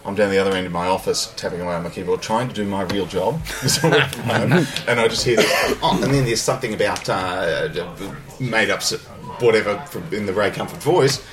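A man's voice: on the low side, brisk. Laughing man, crowd behind. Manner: joking, laughs often. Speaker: podcast host. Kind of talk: casual chat at a convention. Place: busy convention venue. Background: crowd chatter.

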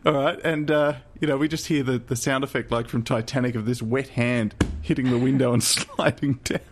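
A man's voice: medium pitch, steady tone, a little fast, background noise. Man riffing and laughing on a podcast. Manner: laughing, improvising gags. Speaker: podcast co-host. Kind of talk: casual comedic chat.

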